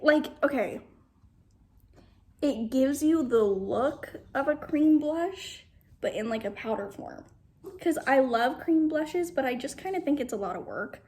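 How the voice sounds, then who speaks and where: A woman's voice: on the high side, a little mellow. A young woman reviewing makeup in a casual vlog at home, gushing and often dropping to a whisper. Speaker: beauty vlogger. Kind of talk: makeup first-impressions vlog. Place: home, at a mirror.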